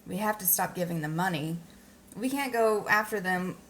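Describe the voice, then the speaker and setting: A woman's voice: on the low side, normal speed, a bit bright, a little hiss or hum. A woman who just woke up, chatting casually on a livestream and ranting about news while greeting viewers. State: just woken up, sleepy. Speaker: livestream host.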